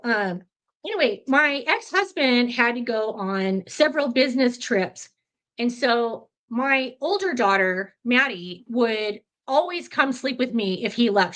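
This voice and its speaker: A woman guest telling a ghost story in an interview, animated and chatty, with many fillers. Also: a little high.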